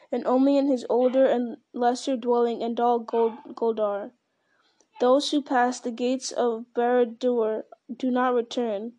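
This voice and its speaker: A woman reading the part of a grave, commanding old male wizard in a firm, measured way. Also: a little high, mellow, highs cut off, natural voice.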